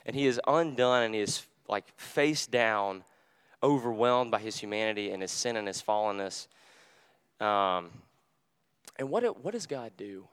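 A young man preaching a sermon in a conversational, animated way, full of fillers, and dropping to a hush for quoted words. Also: fairly low pitch, unhurried, clear, resonant tone. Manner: drops to a hushed voice when quoting Jesus.

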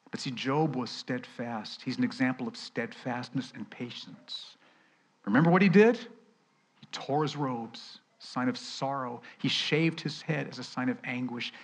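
A pastor preaching a sermon, moving between loud, emphatic lines and hushed, near-whispered ones. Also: male voice, medium pitch, slightly rough.

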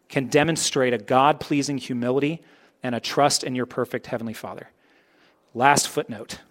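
A man preaching a sermon in a conversational way, swinging between emphatic, louder points and soft, low asides. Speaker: pastor.

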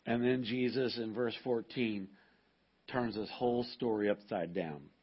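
A man's voice: fairly low pitch, unhurried, husky. A male pastor giving a sermon to a live congregation, talking in an emphatic, conversational way with frequent restarts, in a dull, muffled recording. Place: church service with a live congregation.

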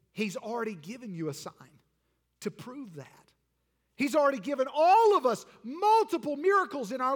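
A pastor with a high voice preaches a sermon animatedly, swinging from loud to hushed, with long hall reverb on the recording.

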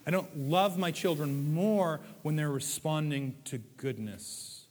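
A man's voice: fairly high pitch, animated, normal speed, few pauses, in a large hall. A man preaching a sermon in a conversational way, with playful acted asides. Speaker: pastor.

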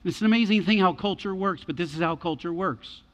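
Animated high-voiced male preacher. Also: fast, big-room sound, muffled recording. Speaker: pastor. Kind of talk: sermon.

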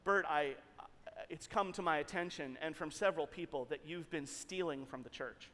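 A man playing a serious, stern senior pastor who speaks in a grave, quiet tone, in an echoey hall. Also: fairly high pitch, expressive, moderate pace, slight background noise, voice pushed down.

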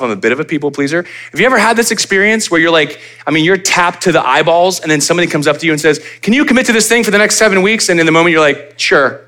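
A man preaching a sermon as pastor, conversational and animated, acting out little asides for his congregation. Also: a little high. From United States.

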